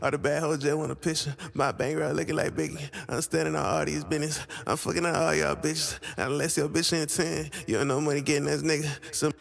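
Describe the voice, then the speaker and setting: A man imitating a croaky young rapper. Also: a little high, little pitch movement, fairly quick, few pauses. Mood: laid-back. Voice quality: croaky, gravelly. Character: young male rapper, croaky laid-back flow. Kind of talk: rapping over a beat.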